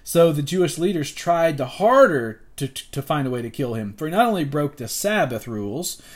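A man's voice: on the high side, moderate pace. A man in his forties teaching a casual Bible lesson, retelling the story and acting out the characters' lines. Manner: animated, acts out the characters' lines.

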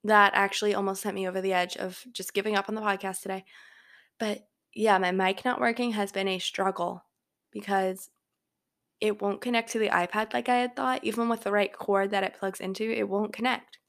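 A young woman talks through her own casual podcast from her bedroom, rambling and leaning on filler words. Her pitch sits mid-range, but her voice drops into a noticeable vocal fry. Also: fairly even intonation, a little fast, fairly bright tone. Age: young adult. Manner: rambling, filler-heavy chatter. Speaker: podcast host. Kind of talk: casual solo podcast chat. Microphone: home microphone.

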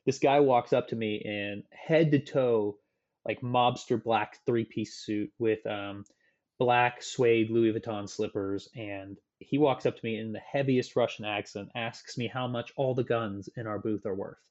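A man's voice: fairly low pitch, fairly even intonation, unhurried, darkish tone. Chatty enthusiastic man, slightly dull audio. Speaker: podcast guest. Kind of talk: casual chat.

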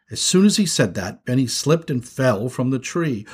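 Man reading a children's story, breathy. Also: medium pitch, normal speed, hardly any pauses. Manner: expressive, animated reading.

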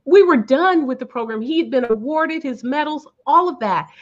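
A woman's voice: high-pitched, expressive, moderate pace. An earnest woman guest speaker talks in a heartfelt way and repeats her words for emphasis. Her voice comes through as slightly dull, lo-fi audio. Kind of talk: interview answers.

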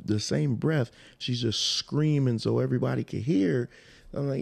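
A man's voice: medium pitch, moderate pace, gravelly, a little mellow, breathy edge. A man telling an emotional personal story in a rambling, casual way, repeating himself and restarting sentences.

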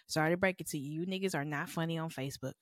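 Young woman podcast co-host, frank, joking, slangy; lower pitch, dry recording. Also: racing, no echo. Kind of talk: casual podcast chat.

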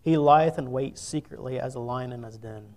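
A man's voice: medium pitch, moderate pace, a little mellow. A man preaching a sermon, reading scripture aloud in old-fashioned wording and then speaking earnestly to the congregation.

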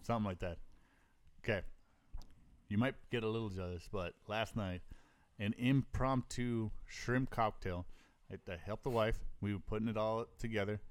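A man's voice: on the low side, moderate pace, no room sound. A man co-hosting a podcast in casual chat, laid-back and teasing, talking into a close mic. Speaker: podcast co-host.

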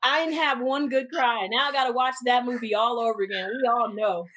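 A woman's voice: a little high, steady tone, brisk, fairly bright tone. A woman co-hosting a podcast, telling a story in casual chat and acting out quotes with a lot of energy. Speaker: podcast co-host.

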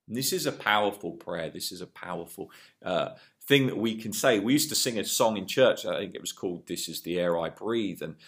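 A man preaching a sermon with an earnest delivery, rising to loud emphasis and dropping to hushed lines. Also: deep voice, animated, a little fast, hardly any pauses.

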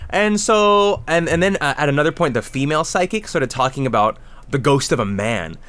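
A man hosting a casual comedy podcast, ranting in an animated, sarcastic way. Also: a little high, a little fast. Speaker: podcast host.

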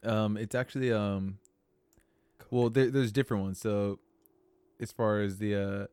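A man's voice: lowish voice, steady tone, measured pace, darkish tone, clear, resonant tone, no echo. A man hosting a podcast, asking questions in a hesitant, filler-heavy way. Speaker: podcast host. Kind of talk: casual podcast chat.

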